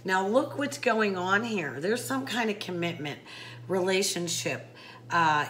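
A woman's voice: mid-range voice, fairly bright tone, slight background noise, rough recording. A woman doing a casual tarot reading to camera, chatty, with many fillers and talking straight to the viewer. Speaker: psychic tarot reader.

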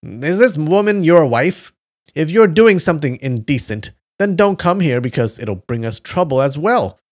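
A man voicing a rude, cowardly inn manager in a live story reading, shrill and whining. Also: very animated, normal speed. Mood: accusing. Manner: loud and whining.

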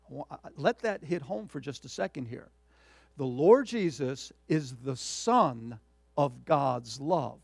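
A man delivers an expository sermon in a slightly high, gravelly voice. He stumbles over fillers and restarts, then drives key words home with sudden loud emphasis before sinking into quiet asides. The sound is close and dry. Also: dry recording. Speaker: pastor.

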